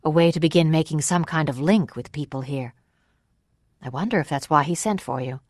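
A reader voicing a calm, perceptive woman. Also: sits low, fairly quick, no echo, clean studio sound. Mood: reflective.

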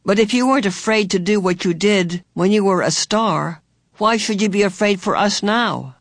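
A grave little boy from a storybook, read by a man, asking earnest questions steadily. The voice is fairly high for a man and recorded dry and close. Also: normal speed, fairly bright tone, no echo. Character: calm, serious little boy.

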